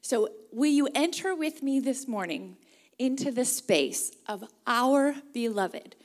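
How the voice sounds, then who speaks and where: A woman's voice: mid-range voice, a little mellow. A woman from the Pacific Northwest preaching a sermon, earnest and leading the congregation in reading along. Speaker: guest preacher.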